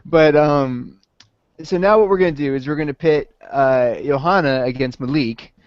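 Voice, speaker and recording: A man hosting a comedy panel game, calling on contestants in a brisk, dry way. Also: on the high side. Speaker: game show host. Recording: muffled lo-fi recording.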